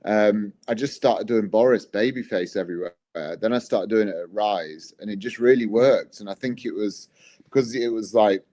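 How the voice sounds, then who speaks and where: A man's voice: on the low side, normal speed, mellow. A man, a wrestler, chatting casually in an interview and telling rambling, self-deprecating stories. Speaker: guest, wrestler.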